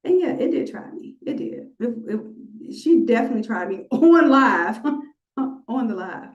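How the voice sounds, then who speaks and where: Woman teacher on a live stream, kinda high voice, chatty and playful, echoey room. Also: a little slow, lo-fi sound. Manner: animated, playful, talks to the audience. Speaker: design class instructor. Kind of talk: live online class demo. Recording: roomy echo.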